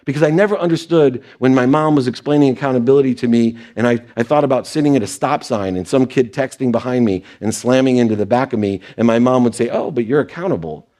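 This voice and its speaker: A man's voice: medium pitch, fast talker, few pauses, warm tone. A man with a mid-range voice gives a motivational talk on stage before an audience. He tells personal stories and briefly slips into other people's voices when he quotes them. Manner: storytelling, quoting others in brief put-on voices. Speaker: speaker.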